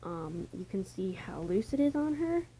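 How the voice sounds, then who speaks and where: Young woman vlogger, casual rambling home chat with soft near-whispered stretches, mid-pitched, noisy camera audio with clicks. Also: big pitch swings, normal speed. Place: home, indoors. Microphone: camera mic.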